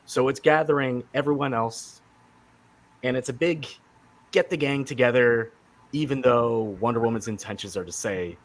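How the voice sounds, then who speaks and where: A podcast host with a mid-range voice talks at normal speed in a casual chat about comics, rambling enthusiastically with lots of fillers and restarts.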